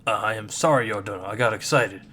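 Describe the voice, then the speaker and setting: A devoted samurai spirit who guards his young master with earnest, formal courtesy, put on by a man reading a comic aloud. The delivery is measured and respectful. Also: lowish voice, pushed and bright, a little hiss or hum. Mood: apologetic.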